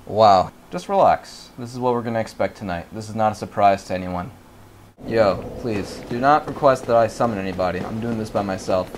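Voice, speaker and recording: A gaming commentator talks briskly over gameplay, swearing constantly and muttering to himself before bursting into screamed rage. Between outbursts he talks himself down in a low mutter, with slight background noise behind him.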